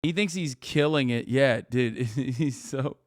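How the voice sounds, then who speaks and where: A man's voice: mid-range voice, slow pace, no echo, studio quality. Exasperated, profane streamer man. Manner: profane, exasperated, laughing a lot. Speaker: livestreamer. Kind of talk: casual reaction commentary.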